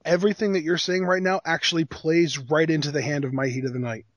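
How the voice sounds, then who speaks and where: Man, high voice, dry close sound, blunt, exasperated, casual podcast chat. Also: fairly even intonation, quick pace, dry recording. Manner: blunt, exasperated, quizzing his co-host. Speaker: podcast co-host. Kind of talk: casual wrestling review chat.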